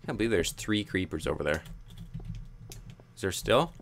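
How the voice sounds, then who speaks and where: A man's voice: sits low, lively intonation, moderate pace, a little hiss or hum. A young man commenting on his own gameplay, muttering frustrated self-talk with sudden yelps. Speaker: gaming YouTuber.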